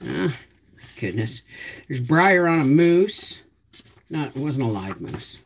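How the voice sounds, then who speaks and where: A middle-aged woman hosting a casual vlog, rambling to herself and her viewers while digging through old photos, with sudden loud, high exclamations. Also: big pitch swings, slow, slight background noise. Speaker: homestead vlogger.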